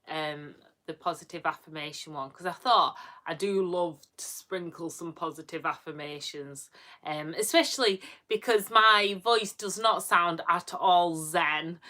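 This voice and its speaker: A woman's voice: lowish voice, sharp tone. Bubbly woman with broad Yorkshire accent. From Yorkshire, England. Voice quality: a bit gruff. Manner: chatty, bubbly, rambling with fillers. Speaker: vlogger livestreaming to viewers. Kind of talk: casual chat with live viewers.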